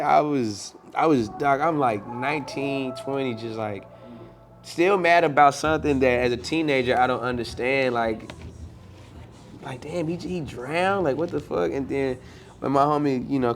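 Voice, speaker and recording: A man's voice: medium pitch, gravelly, slight background noise. A man, a musician guest, telling stories in a loose, slangy way with lots of fillers. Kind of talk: casual interview chat.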